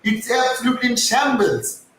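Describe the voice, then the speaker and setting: A man's voice: very high voice, normal speed, a bit bright, soft background music. A man hosting a live-stream fan commentary, ranting heatedly, swearing and then apologizing for getting worked up. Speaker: fan channel host. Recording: echoey distant mic with faint noise.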